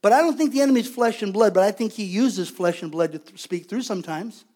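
A man's voice: sits high, quick pace, darkish tone. A man preaching a sermon as pastor, conversational and emphatic, repeating his points for weight.

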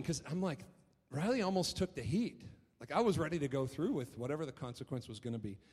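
A man preaching in a church hall as its pastor, his voice a little higher than most men's. He tells family stories in an animated way, often stumbling and repeating his words. A long reverb hangs on every phrase. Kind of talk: sermon.

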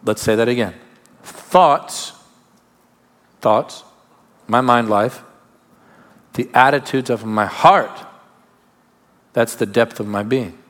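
A man preaching a sermon as pastor, emphatic, with sudden drops to quiet asides. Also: medium pitch, steady tone, unhurried, long pauses. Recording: long hall reverb.

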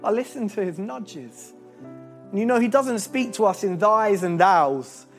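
A young man preaching a sermon, earnest and animated, telling stories with restarts and laughs. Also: high-pitched, measured pace, soft background music. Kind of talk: sermon with storytelling.

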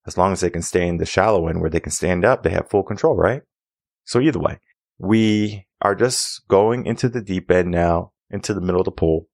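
A man's voice: vocal fry, no echo, studio quality. A man hosting his own podcast as a mindset coach, telling a story earnestly and acting out the dialogue by lifting his voice. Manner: earnest, repetitive, acts out dialogue with a higher voice.

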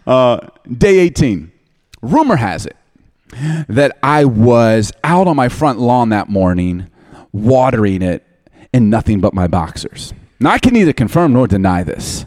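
Forties male pastor, funny and candid, voice swinging widely in pitch. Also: normal speed. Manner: humorous, self-deprecating, candid; animated, often laughing. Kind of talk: storytelling sermon.

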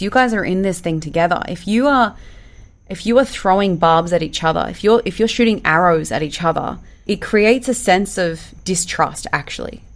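Woman, business coach, lowish voice, direct, animated casual advice talk. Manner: direct and animated, acts out quoted lines. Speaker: business coach and recruitment firm owner.

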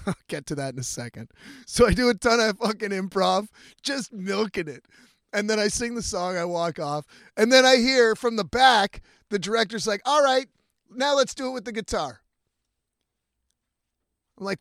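A man's voice: sits high, dry recording, clean studio sound. A man telling a story about being on set, swearing constantly and acting out what people said. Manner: profane, animated, acts out quotes. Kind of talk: profane casual storytelling.

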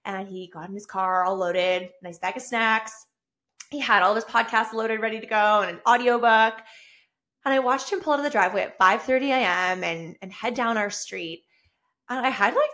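A woman's voice: fairly high pitch, normal speed. Gushing upbeat woman podcaster. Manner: effusive and upbeat, gushing with excitement; rambling with restarts. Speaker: podcast host. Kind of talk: solo podcast monologue. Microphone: own camera and mic.

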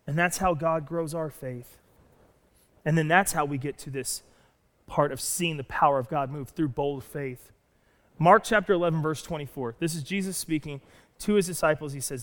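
A man preaching a sermon as pastor, telling a story with animated delivery and acting out the lines he quotes. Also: a little high, brisk. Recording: long reverb of a church hall.

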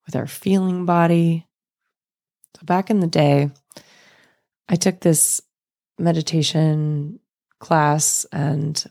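A woman in her thirties hosting a reflective solo podcast, speaking gently and thoughtfully with soft laughs. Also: low-pitched, gravelly. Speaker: podcast host.

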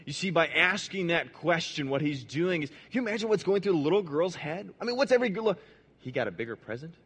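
A man preaching a sermon in a conversational way. He asks the audience questions, restarts his words, and drops low and soft for emphasis. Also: fast talker, breathy edge.

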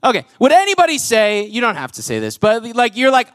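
A man's voice: extremely high pitch, huge pitch swings, fast talker, hardly any pauses, fairly bright tone, dry recording, studio quality. A young adult man preaching a casual, joking sermon to his church, full of "like" fillers. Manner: chatty, jokey, full of "like" fillers. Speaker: pastor and worship leader. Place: church auditorium with a congregation.

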